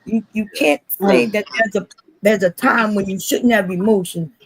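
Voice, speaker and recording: A woman co-hosting a casual live-stream debate, giving quick, lively rebuttals. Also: mid-range voice, slightly rough, no echo, low-quality recording.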